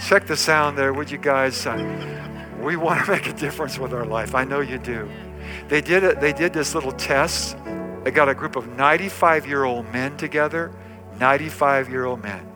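A man's voice: medium pitch, normal speed, over music. An older man preaching a sermon as pastor in a church, emphatic and repetitive, calling out to the congregation. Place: church sanctuary.

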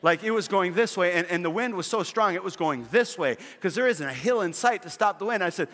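A man's voice: high-pitched, animated, a little fast, few pauses, a bit bright. A middle-aged man preaching a sermon as a pastor, telling stories with humor and often restarting his phrases. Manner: storytelling with humor, frequent repeated restarts. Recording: long hall reverb.

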